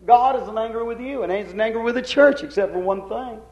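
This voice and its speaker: A man preaching a sermon with fervor, his voice sitting high and swinging between hushed and emphatic. The recording is echoey and dull, as if captured in a reverberant room on old equipment. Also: a little fast.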